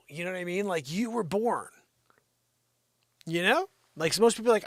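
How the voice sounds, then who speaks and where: Livestream comedy host, man, fairly high voice, dry close sound, rambling teasing riffs. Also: sing-song, moderate pace, no echo. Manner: rambling, teasing an unseen sidekick, lots of "you know". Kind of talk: improvised comedic rant.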